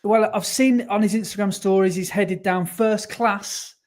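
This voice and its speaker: A man's voice: high voice, steady tone, measured pace, darkish tone. A man co-hosting a running podcast in casual chat, upbeat and chatty, with lots of fillers while reading listener messages.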